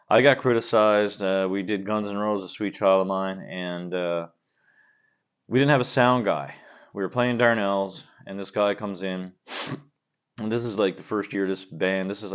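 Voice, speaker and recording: A man with a fairly low voice talks to camera at home, answering viewer questions while he drinks beer. He speaks bluntly and profanely and tends to ramble. The recording sounds dull and lo-fi. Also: moderate pace. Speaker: cover band guitarist. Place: at home, indoors.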